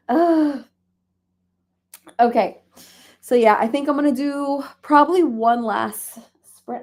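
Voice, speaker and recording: A woman hosting a relaxed reading livestream, chatting casually with viewers, laughing often and talking softly to her cat. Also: fairly high pitch, slow pace, vocal fry, long pauses. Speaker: livestream host. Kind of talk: casual chat.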